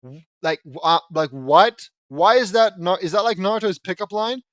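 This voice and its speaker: A man's voice: sits high, normal speed, dry recording, clean studio sound. Sarcastic man mocking fan fiction. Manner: sarcastic, exasperated asides with swearing. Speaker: fan fiction reader and commentator.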